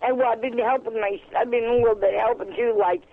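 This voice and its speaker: A woman calling in to a chat show, talking earnestly in halting bits and repeating herself. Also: a little high, steady tone. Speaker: caller. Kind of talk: casual chat on a call-in show. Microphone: telephone. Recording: tinny phone line.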